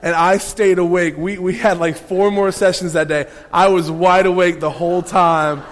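Animated man preaching in a reverberant hall. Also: high voice, moderate pace. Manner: animated storyteller, playful asides to the congregation. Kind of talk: sermon with personal story.

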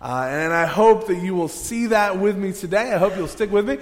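A man's voice: sits high, a little fast. A man preaching a sermon as pastor, casual and joking, leading the congregation through a hands-on exercise. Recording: long hall reverb.

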